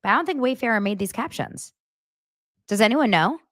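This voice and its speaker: A woman hosts a celebrity gossip show, chatting casually to camera in an emphatic, incredulous way and often repeating herself. Her fairly high, fairly bright voice is animated and a little fast, captured in studio quality with no echo.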